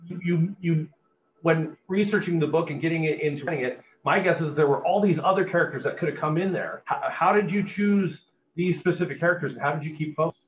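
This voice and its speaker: A man, a judge, asks a guest long questions in a halting, searching way. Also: fairly high pitch. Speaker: judge interviewing an author. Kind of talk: conversational interview questions. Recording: tinny video-call audio with faint hiss.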